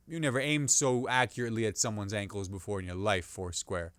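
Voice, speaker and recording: A man hosting a comedy podcast, riffing on the news in a rambling, animated way and restarting jokes mid-sentence. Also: fairly low pitch, a little fast, few pauses, clean tone, no echo, clean studio sound.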